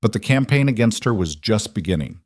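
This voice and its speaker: Brief: male narrator, low voice, measured dramatic read, dry close recording. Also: expressive, darkish tone, no room sound. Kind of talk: scripted story narration.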